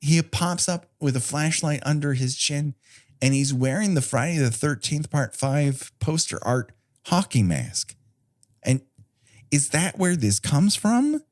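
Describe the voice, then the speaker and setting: A man's voice: a little high, lively intonation, a little slow, darkish tone. A man co-hosting a comedy film podcast, talking casually with sarcastic asides and a lot of swearing. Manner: sarcastic, swears freely, riffs in silly put-on quotes. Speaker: podcast co-host.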